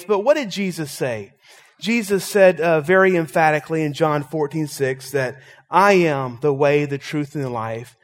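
A man's voice: high voice, unhurried, long reverb tail. A man preaching a sermon as pastor, telling stories and making emphatic points to his congregation. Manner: storytelling, emphatic, animated preaching.

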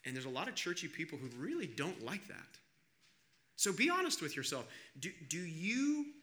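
A man preaching a sermon as pastor, emphatic, moving between loud urgency and hushed appeals. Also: on the high side.

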